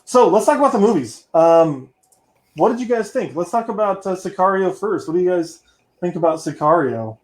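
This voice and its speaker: A man hosting a podcast in casual chat, upbeat and quick to laugh. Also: high-pitched. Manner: laughs often, lively and upbeat. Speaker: podcast host. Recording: roomy echo.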